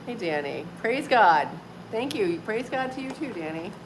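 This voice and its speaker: A woman's voice: mid-range voice, very animated, moderate pace. A woman in her forties hosting a casual livestream from home, chatting with viewers, laughing often and filling with "like" and "um". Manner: chatty, laughs often, uses many fillers. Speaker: livestream host. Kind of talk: casual live-stream chat with viewers. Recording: clear background noise.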